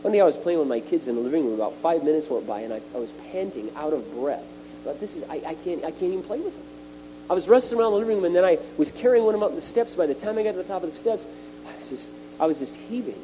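Emphatic male preacher, lo-fi with hum. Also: rapid-fire. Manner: animated and emphatic, pitch jumping on key words. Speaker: speaker at a retreat. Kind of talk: sermon. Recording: dull lo-fi recording with faint mains hum.

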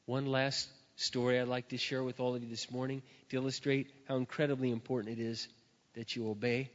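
A middle-aged man preaching, telling a story with lively acted-out barks and shouts. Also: medium pitch, brisk. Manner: animated storyteller, acts out barking and shouting. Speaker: pastor. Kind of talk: sermon storytelling. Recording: dull sound with long hall reverb.

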